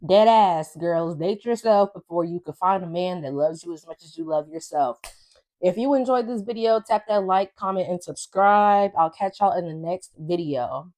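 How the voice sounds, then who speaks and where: A woman's voice: fairly low pitch, normal speed, darkish tone. A young woman vlogger telling a story in a blunt, sassy, profane way to her viewers. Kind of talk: casual storytime vlog.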